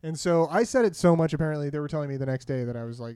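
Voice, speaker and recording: A man in his thirties casually telling animated stories among friends, swearing freely. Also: a little high, racing, clear, resonant tone, no echo, studio quality. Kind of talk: casual profane banter.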